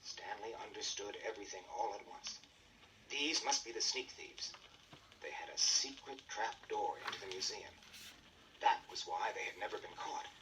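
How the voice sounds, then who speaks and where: A man narrating a children's storybook record with expressive storytelling. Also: lowish voice, normal speed, recorded from a distance, a little hiss or hum, poor audio.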